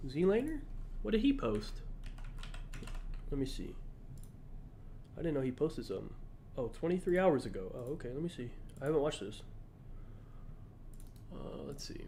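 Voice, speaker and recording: A man's voice: on the high side, big pitch swings, moderate pace, long pauses, mellow, a little hiss or hum. A man streaming, reacting in casual, blunt, profane commentary, often incredulous.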